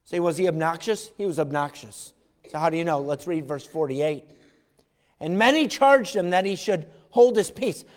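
A man preaches a lively sermon, his voice set a little high for a man. He acts out the voices of the people in his story and shouts for emphasis. A long reverb trails each line, as in a big church hall. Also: moderate pace. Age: adult parent. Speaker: pastor.

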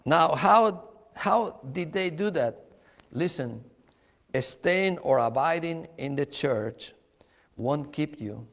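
A man preaching a sermon, slow and emphatic, repeating key words and chuckling now and then. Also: a little high, animated, gravelly, fairly bright tone, big-room sound.

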